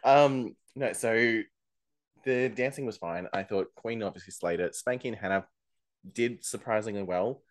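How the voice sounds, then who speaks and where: A man's voice: on the low side, normal speed. A man co-hosts a casual podcast. He talks in a chatty, gossipy way and often breaks into laughter. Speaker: podcast co-host recapping a TV show. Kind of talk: casual chat.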